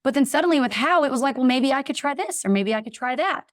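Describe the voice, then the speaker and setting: A woman's voice: high voice, fast talker, dry recording, clean studio sound. A woman guest telling a personal story in a casual interview, acting out the voices of people in it. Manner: animated, acts out voices in her anecdotes. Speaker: podcast guest.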